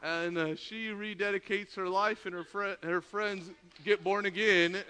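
A man's voice: sits high, unhurried, noisy background. A man preaching a sermon, telling a story with lots of laughter and acted-out dialogue. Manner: animated storytelling, laughing often, acting out dialogue. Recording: long hall reverb.

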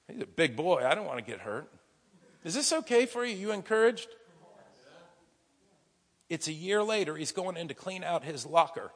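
A pastor from the United States preaching a sermon, telling stories vividly and swinging from hushed to loud. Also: male voice, fairly high pitch, animated, moderate pace, long pauses. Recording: long hall reverb.

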